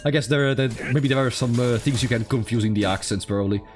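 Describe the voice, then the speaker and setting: A man's voice: mid-range voice, fast. A man with an Italian accent, a native Italian speaker, streaming a game in casual commentary, wry and sarcastic and laughing often. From Italy. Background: faint game music.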